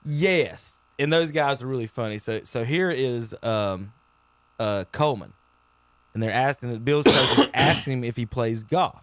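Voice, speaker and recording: Male sports radio host, mid pitch, dry close sound, loose and excitable, laughs a lot. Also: measured pace, no room sound. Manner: laughs often, repeats words, excitable. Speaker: sports talk show host. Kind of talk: casual sports radio chat.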